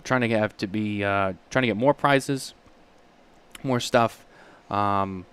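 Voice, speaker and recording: A man co-hosting a podcast in casual chat, halting and full of restarts and fillers. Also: fairly low pitch, fairly bright tone, clear, resonant tone. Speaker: podcast co-host.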